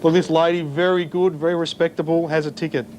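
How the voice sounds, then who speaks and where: A man's voice: on the high side, flat delivery, fast, a little mellow, a little hiss or hum. An Australian man doing a prank comedy bit as a mock-official parking attendant, teasing passers-by in a car park. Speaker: comedy segment presenter posing as parking attendant.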